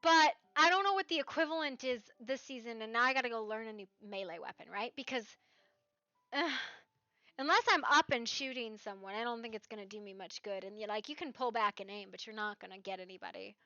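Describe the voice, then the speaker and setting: A woman streamer chatting casually about a roleplay game, rambling and animated, often tagging "right?" onto her points. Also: fairly high pitch, a little fast, no room sound. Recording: slightly dull stream mic with faint music.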